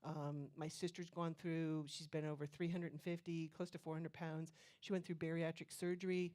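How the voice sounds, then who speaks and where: Chatty woman with a low-set voice. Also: flat delivery, moderate pace, warm tone. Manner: chatty storyteller, keeps asking "okay?". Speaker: plant-based nutrition educator. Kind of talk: cooking demonstration talk.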